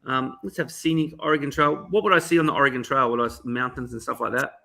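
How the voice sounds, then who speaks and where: A man giving a keynote as a live demo over a video call, enthusiastic and thinking aloud with quick self-corrections. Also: mid-range voice, steady tone, creaky, bright, forceful tone. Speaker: keynote speaker.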